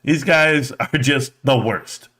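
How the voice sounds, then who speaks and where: A man's voice: mid-range voice, slow pace, fairly bright tone. A man hosting a live stream, giving blunt, mocking, profane reaction commentary.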